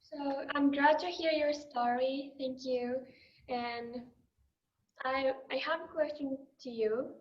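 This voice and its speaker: Slow, careful woman student. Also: high-pitched, fairly even intonation, muffled recording. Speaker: student asking a question.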